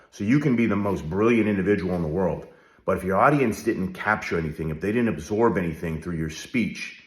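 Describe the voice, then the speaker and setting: A middle-aged man speaking straight to the viewer as a leadership coach, direct and coaching, often checking in with "all right?". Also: low-pitched. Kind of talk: direct-to-camera advice talk. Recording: roomy echo.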